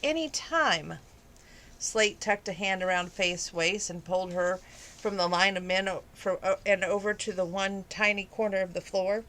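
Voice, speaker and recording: A woman's voice: mid-range voice, little pitch movement, normal speed, fairly bright tone. Woman, hobby reader, romance novel, plain reading voice, casual asides. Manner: casual asides with fillers and laughs between passages. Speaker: amateur audiobook reader.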